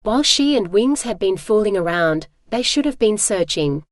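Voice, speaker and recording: Audiobook narrator, woman, mid pitch, steady read, dry close sound. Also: normal speed, no echo. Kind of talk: scripted narration.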